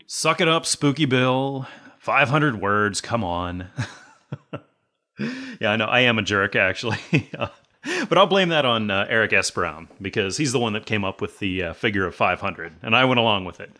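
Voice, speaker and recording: A man's voice: lowish voice, animated, normal speed, pushed and bright. A male podcast host answering a voicemail in a friendly, joking way, laughing often. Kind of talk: casual podcast chat.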